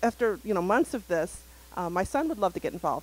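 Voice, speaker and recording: Fast-talking animated storytelling woman. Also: medium pitch, low-quality recording. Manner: animated storyteller, acts out quotes. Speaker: parent panelist. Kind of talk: live panel discussion. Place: community center event.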